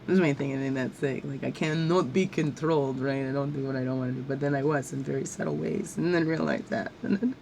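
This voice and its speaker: A woman's voice: a bass voice, fairly even intonation, fast talker, vocal fry, few pauses, darkish tone, a little hiss or hum, rough recording. A woman talking through her feelings in an emotional, rambling monologue, at times crying and repeating her words as her voice rises. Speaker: spiritual guidance vlogger.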